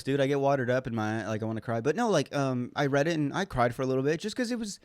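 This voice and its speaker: A man's voice: mid-range voice, lively intonation, fast, no room sound, clean studio sound. A man in his twenties hosting a casual solo podcast, rambling candidly, swearing freely and restarting sentences often. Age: 20s. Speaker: podcast host.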